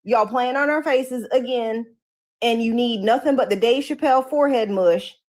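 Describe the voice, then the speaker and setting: A woman co-hosting a live-stream chat, telling stories in a sassy, slangy, animated way. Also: on the high side, moderate pace.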